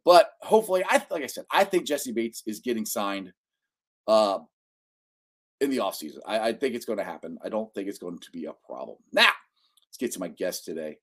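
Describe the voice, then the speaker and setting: A man hosting a casual sports podcast, chatty and excitable, laughing often. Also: on the low side, brisk, slightly rough. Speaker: podcast host.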